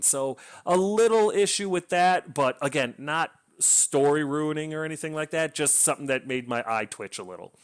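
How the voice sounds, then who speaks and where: Male book reviewer, casual rambling delivery, lots of restarts, eager tone. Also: mid-range voice. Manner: rambling, frequent restarts and filler, enthusiastic.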